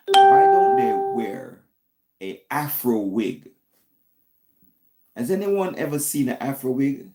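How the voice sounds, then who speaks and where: A man's voice: fairly low pitch, mellow. A man hosting a call-in stream, musing aloud in a casual, hedging, teasing monologue.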